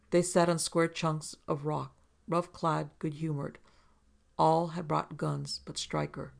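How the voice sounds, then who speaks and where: A man narrating an audiobook story in a measured, descriptive way. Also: a little high, gravelly.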